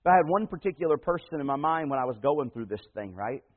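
A man preaching a sermon as pastor, telling a personal story in a folksy way, moving between loud emphatic passages and hushed slow ones. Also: a little high, expressive. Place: church. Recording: tinny phone-like radio broadcast in a big reverberant hall.

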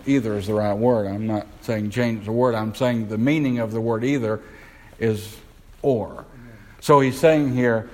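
A man preaching a sermon, putting questions to the congregation and slowing down to stress key words. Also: medium pitch, darkish tone, poor audio.

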